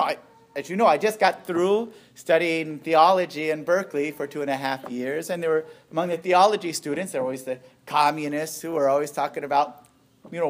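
A middle-aged man, a priest, giving a storytelling witness talk, animated and playful as he acts out what others said. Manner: animated, acts out quoted voices with big pitch jumps.

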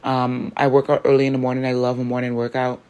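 A woman's voice: very deep voice, monotone, fast talker, a little mellow. A woman hosting a faith podcast, talking in an earnest, rambling way and often correcting herself mid-sentence. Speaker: podcast host.

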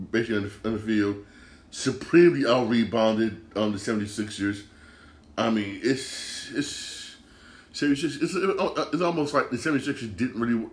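A man's voice: fairly low pitch, roomy sound. A man hosting a sports podcast alone, ranting about basketball results in a profane, exasperated, repetitive way. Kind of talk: solo sports rant.

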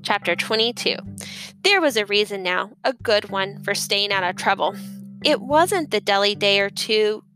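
A woman reading a children's novel aloud as narrator, expressive and lively. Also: mid-range voice, normal speed, soft background music, poor audio. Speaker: audiobook narrator. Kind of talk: scripted storybook narration.

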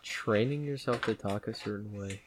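A young man co-hosting a casual podcast, relaxed and agreeable, going along with jokes. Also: on the low side, normal speed, heavy background noise. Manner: laid-back, agreeable, laughs along. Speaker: podcast co-host. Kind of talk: casual chat.

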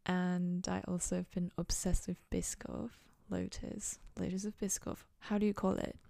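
A woman's voice: lowish voice, level tone, normal speed, gravelly, mellow, dry recording, studio quality. A young woman hosting a podcast, chatting casually and rambling in a goofy, self-mocking way from her dorm room. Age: young adult. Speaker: podcast host. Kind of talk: casual solo chat.

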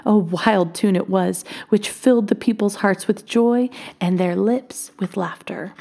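A woman reading a children's storybook aloud, expressive and often dropping to a hush. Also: medium pitch, measured pace, creaky.

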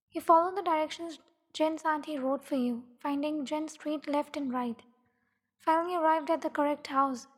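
High-voiced woman reading a story. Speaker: story narrator. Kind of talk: second-person fan fiction reading. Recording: long echoing reverb.

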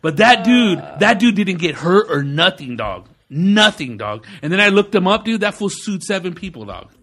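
A man, hosting a podcast and telling a story in a casual, animated, slangy way, often acting out what other people said. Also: high-pitched, normal speed, a little hiss or hum. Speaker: podcast host.

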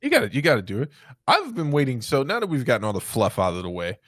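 A man co-hosting a casual podcast, telling stories in an animated way, laughing often and swearing. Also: mid-range voice, fast talker, no echo, clean studio sound. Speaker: podcast co-host. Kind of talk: casual chat.

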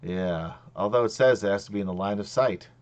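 A man acting as game master, talking casually in a halting way with many restarts. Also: lowish voice. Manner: halting, lots of ums and restarts. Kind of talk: running a tabletop game, casual.

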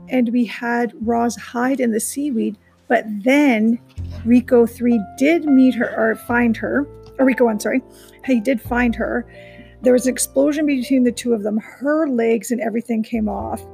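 Female storybook reader with a gravelly edge, brisk read-aloud delivery. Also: fairly high pitch, a little mellow. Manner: recaps chapters casually, then reads briskly. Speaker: reader of a children's novel. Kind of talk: reading a book aloud.

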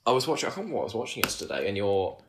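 A man co-hosting a casual comedy chat, joking around and quick to apologise. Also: lowish voice, big pitch swings, background noise. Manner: joking, giggly, apologetic asides. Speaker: podcast co-host.

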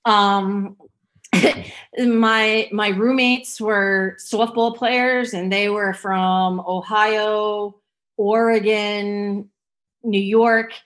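A woman's voice: mid-range voice, steady tone, extremely slow, a bit bright. A woman with a Boston-area accent, a guest telling stories in a casual interview, rambling with many ums and likes.

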